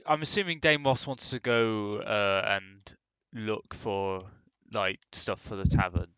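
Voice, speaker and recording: A man's voice: lowish voice, slow pace, fairly bright tone, clean tone, dry recording. A man chatting as a player in a tabletop game, upbeat, describing what his character does. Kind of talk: casual tabletop game chat.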